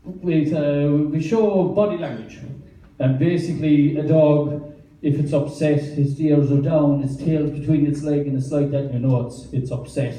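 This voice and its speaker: An Irish man in his thirties does stand-up at a small bar's open mic. His voice is dark and mellow and sits a little high. He rambles through deadpan stories, heard from a distance in a very roomy space. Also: normal speed. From Ireland. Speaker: stand-up comedian. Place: small wine bar open mic night. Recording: roomy, distant bar recording.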